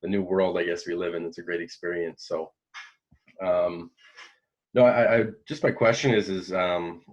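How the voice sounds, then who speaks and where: Deep-voiced man, halting, on a lo-fi call. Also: fairly even intonation. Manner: halting, hesitant. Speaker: audience member asking a question. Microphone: video call. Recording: dull lo-fi video call audio.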